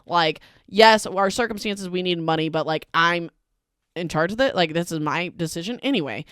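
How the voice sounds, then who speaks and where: A woman's voice: fairly low pitch, normal speed, a bit bright, clear, resonant tone, no room sound, studio quality. Chatty woman recapping a book. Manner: chatty and emphatic, heavy use of "like". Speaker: podcast host. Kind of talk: casual book recap podcast.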